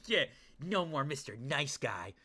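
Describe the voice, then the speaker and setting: A male streamer giving casual let's-play commentary, joking and slangy. His voice sits a bit high and sounds very bright and forceful. He reacts fast and laughs easily. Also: big pitch swings.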